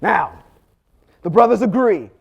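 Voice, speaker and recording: A man teaching a Bible lesson, telling the story with animated delivery and acting out the characters' lines. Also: high-pitched, a little slow, gravelly, slightly rough. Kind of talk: sermon teaching.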